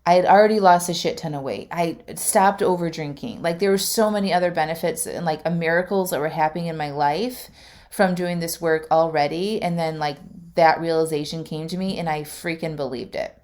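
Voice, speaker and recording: A woman's voice: low voice, fairly quick, a little mellow. A middle-aged woman hosting a podcast as a life coach, telling a personal story in a chatty, emotional way with lots of fillers. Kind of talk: casual storytelling monologue.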